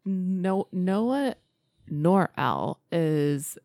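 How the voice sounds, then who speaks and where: A woman's voice: fairly low pitch, expressive, extremely slow, warm tone, no echo, studio quality. A woman co-hosting a podcast, chatting casually and speaking her mind with emphatic swearing. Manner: emphatic and profane. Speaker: podcast co-host. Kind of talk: casual chat.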